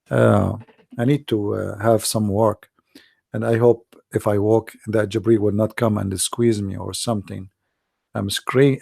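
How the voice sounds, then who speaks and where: Guy, kinda hoarse and gravelly, rambling with lots of uhs, dry close sound. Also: medium pitch, dry recording. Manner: animated, repetitive, many fillers and restarts. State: losing his voice, hoarse. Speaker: debate show host. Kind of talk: casual commentary monologue.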